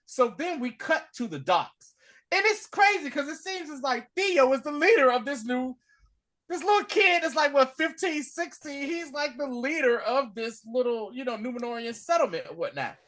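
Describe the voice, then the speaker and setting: A man hosting a podcast, casually recapping a TV episode and acting out the characters' lines in a slangy, animated voice. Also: very high voice, moderate pace. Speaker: podcast host.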